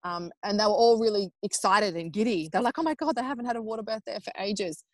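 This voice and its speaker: An Australian woman in her thirties tells a personal story as a podcast guest. She talks casually and animatedly, with plenty of fillers like "like" and "um", and she acts out other people's lines in raised voices. Her voice sits at a middle pitch, and the sound is dry and close. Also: fast, dry recording. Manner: chatty with frequent fillers like "like" and "um".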